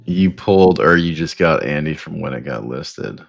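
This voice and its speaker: Gravelly, very deep-voiced man. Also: animated, normal speed, no room sound. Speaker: crypto market show co-host. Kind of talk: casual livestream chat.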